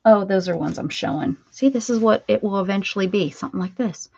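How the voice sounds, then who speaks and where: A woman's voice: mid-range voice, fast talker, gravelly, a little mellow, breathy edge, no room sound, dull audio. A woman hosting a crafting livestream, chatting and rambling casually with viewers as she works. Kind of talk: casual chat while crafting.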